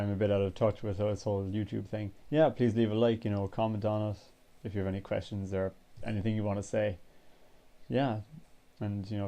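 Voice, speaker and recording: Low gravelly young man rambling. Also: mellow, dull audio. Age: 20s. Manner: rambling, storytelling with lots of fillers. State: tired throat. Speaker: vlogger. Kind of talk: casual vlog chat. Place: home bedroom.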